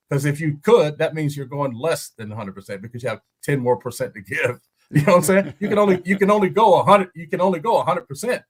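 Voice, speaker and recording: A man, a former football lineman, breaking down a game on a podcast in animated, story-driven casual chat, laughing often. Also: a little high, brisk, breathy edge. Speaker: guest analyst, former NFL lineman.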